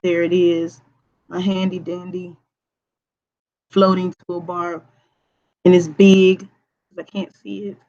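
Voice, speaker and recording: A woman's voice: on the low side, flat delivery, takes it slowly, long pauses, mellow, muffled recording. A woman teacher walking students through a recorded grammar lesson, patiently checking understanding with frequent okays. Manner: hums to herself while typing on screen.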